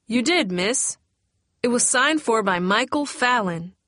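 A woman's voice: on the high side, lively intonation, unhurried, fairly bright tone, no echo, pitched above the performer's own voice. Weary, apologetic cop delivering bad news formally, voiced by a woman narrator; dry read. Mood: firm, apologetic. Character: weary male police officer, apologetic but firm.

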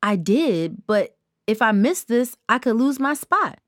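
A woman's voice: on the high side, big pitch swings, unhurried, fairly bright tone, no echo, clean studio sound, pitched above the performer's own voice. A woman voicing a nervous, hesitant teenage girl in a storybook reading. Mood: pleading. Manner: nervous, careful.

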